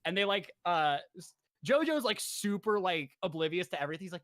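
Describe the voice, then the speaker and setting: A young man casually recapping a show for his co-hosts, rambling and jokey, slipping into quick character voices. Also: high voice, animated, a bit bright, no room sound. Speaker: podcast host presenting slides.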